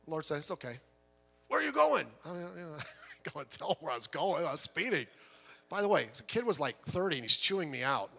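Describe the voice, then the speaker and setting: Male pastor, high bright voice, animated storytelling sermon with jokes, long hall reverb. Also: fairly quick, gravelly, faint music behind.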